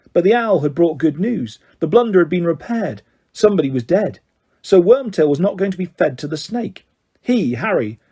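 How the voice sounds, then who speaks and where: Mellow husky male audiobook narrator. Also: high-pitched. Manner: steady storytelling.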